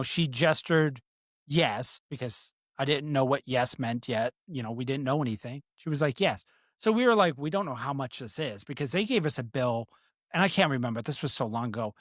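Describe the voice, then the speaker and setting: A man co-host of middle pitch tells a long, rambling anecdote in relaxed podcast chat. He swears casually as he goes. The recording is dry and close. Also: no echo.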